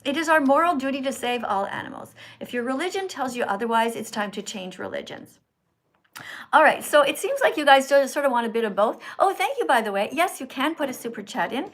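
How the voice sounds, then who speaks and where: A woman's voice: sits high, animated, fairly quick, a bit bright. Earnest woman hosting a phone livestream. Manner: earnest, preachy, teacherly. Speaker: livestream host. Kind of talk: live stream chat with viewers. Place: indoors in Italy.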